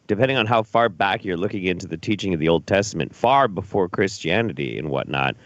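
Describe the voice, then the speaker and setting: A man with a low voice hosts a casual talk show, reacting to clips in a blunt, swearing, incredulous way. His pitch swings widely as he talks, and the sound is dull and dry. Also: lively intonation, fast, no room sound. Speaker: host.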